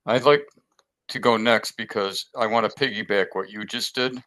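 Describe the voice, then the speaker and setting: A man with a low voice answers in short, affirming phrases before taking his turn to share. He is heard over a video call. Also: fairly even intonation, moderate pace, fairly bright tone. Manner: brief, affirming responses. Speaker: meditation group participant. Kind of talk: casual chat on Zoom.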